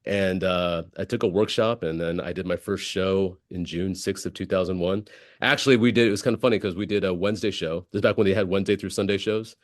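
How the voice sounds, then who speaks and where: A man's voice: low voice, fairly even intonation, quick pace, dry recording, clean studio sound. A man, a comedian telling stories in a casual interview, full of likes and restarts. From United States. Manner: rambling storyteller, many likes and restarts. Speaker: comedian guest.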